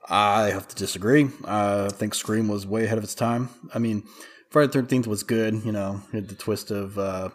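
A man's voice: on the low side, fairly even intonation, brisk. A man who is a podcast guest, chatting casually and telling rambling stories full of "like.". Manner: rambling storyteller, heavy use of "like". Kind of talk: casual chat.

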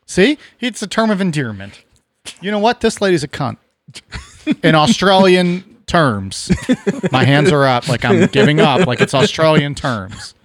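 A slightly higher-voiced man from the United States jokes and swears through a casual podcast chat, his pitch swinging lively as he reacts. The sound is dry and close. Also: normal speed, no room sound. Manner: profane, joking, animated reactions. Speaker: podcast co-host.

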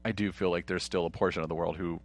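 A man's voice: deep voice, steady tone, fast talker. A man co-hosting a casual movie watch-along, talking in a rambling way full of fillers. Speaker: podcast co-host.

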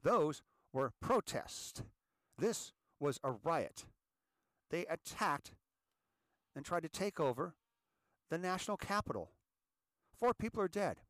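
Host, male, fairly high voice, impassioned, tired, restarts a lot, dry sound. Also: sing-song, takes it slowly, long pauses, a bit bright, no echo. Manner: impassioned, repeats words, stumbles over restarts. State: tired from a sleepless night. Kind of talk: emotional solo commentary.

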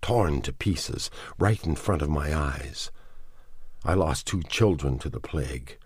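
Fearful worn-out young woman, as a deep-voiced male reader puts her on, bitter, dry close recording. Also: animated, a little slow, a little mellow, breathy edge, no room sound, heavily acted. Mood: bitter, desperate. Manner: pleading, bitter, near tears. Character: frightened exhausted young woman survivor.

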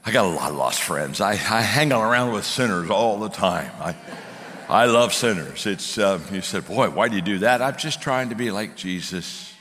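A man's voice: lowish voice, normal speed, a little hiss or hum. A middle-aged man preaching a sermon, telling stories with lots of restarts and repeated words. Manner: animated storytelling with frequent restarts. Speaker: speaker and coaching company owner. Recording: long hall reverb.

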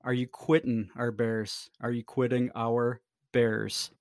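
Male podcast co-host, average pitch, dry sound, wry and teasing. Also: little pitch movement, slow pace, darkish tone, dry recording. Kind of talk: casual sports chat.

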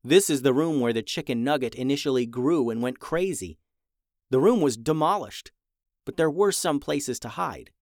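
A man narrating a children's adventure story in an animated, dramatic way. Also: medium pitch, moderate pace, no echo, clean studio sound. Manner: animated, dramatic rises in tension.

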